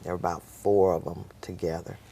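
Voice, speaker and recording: A woman with an unusually deep voice tells her story as a talk show guest. Her voice has a gravelly, creaky edge. She tells it in a lively way and acts out the people in her story. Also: brisk, slight background noise. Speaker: nurse. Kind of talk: personal storytelling.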